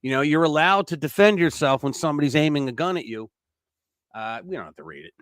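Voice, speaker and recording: A man hosting a casual news commentary show, reading stories aloud and breaking in with blunt, sarcastic remarks, swinging between loud outbursts and mumbled asides. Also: fairly high pitch, lively intonation, fast talker, smooth, no echo, clean studio sound. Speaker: political commentary host.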